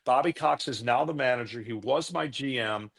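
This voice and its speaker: A middle-aged man recounting his baseball career at an easy, conversational pace. His pitch sits in a typical male range, and he slips into quick impressions of the people in his stories. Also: vocal fry. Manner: relaxed, anecdotal, acts out quoted voices. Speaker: former pitcher, guest. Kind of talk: casual storytelling interview.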